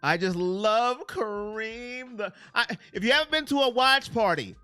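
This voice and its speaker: Man, live-stream host, casual sports chat, high bright voice, emotional, reads chat aloud, dry close sound. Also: unhurried, few pauses, smooth, dry recording, faint music behind. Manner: animated, reads and answers chat by name; self-described as very emotional.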